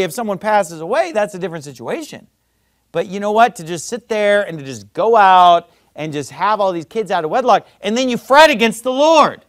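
A man preaching a sermon as pastor, blunt and fiery, swinging between loud emphatic outbursts and quiet asides. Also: high voice, expressive, fairly quick, dry recording, clean studio sound.

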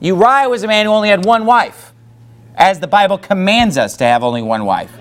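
Animated high-voiced male preacher. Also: fairly quick. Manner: preaching with rising emphasis, reads scripture in King James wording; conversational asides with fillers. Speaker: pastor. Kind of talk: sermon.

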